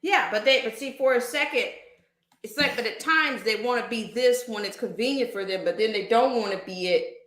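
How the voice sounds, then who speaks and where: A woman's voice: a little high, moderate pace, a bit bright, roomy sound. A woman hosting a livestream, ranting emphatically and firing off rhetorical questions. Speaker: livestream host. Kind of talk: casual livestream rant.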